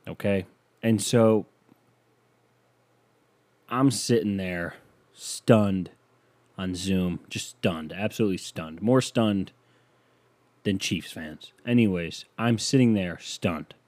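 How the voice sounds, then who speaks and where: Brief: young male podcast host, rambling self-mocking comic monologue, lowish voice. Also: takes it slowly, long pauses, a little mellow. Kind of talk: comedic solo podcast monologue. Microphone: studio microphone.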